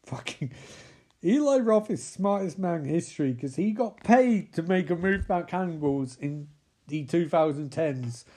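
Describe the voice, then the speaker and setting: A man's voice: a little high, animated, moderate pace, warm tone. A young man recapping a film with sarcastic, rambling, sweary commentary. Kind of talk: comedic movie recap.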